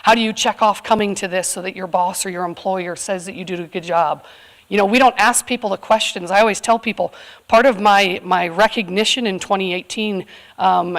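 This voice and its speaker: A woman's voice: mid-range voice, fairly even intonation, moderate pace. A woman from California, in her thirties, speaking candidly and earnestly to a live audience, with frequent fillers. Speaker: community event speaker. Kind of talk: personal talk to a live audience.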